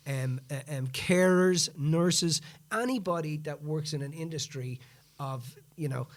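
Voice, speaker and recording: A man's voice: on the high side, unhurried. A man hosting a podcast, telling a story in casual chat and acting out what people said. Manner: animated, acts out quoted speech in the retelling. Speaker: podcast host.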